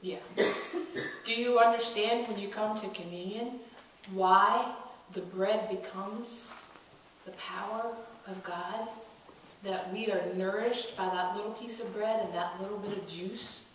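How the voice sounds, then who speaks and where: A woman's voice: medium pitch, fairly even intonation, slow, slight background noise. A woman pastor giving a sermon, telling stories and acting out the quoted voices as she builds to emphatic calls. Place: church sanctuary. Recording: echoey church from a distant mic.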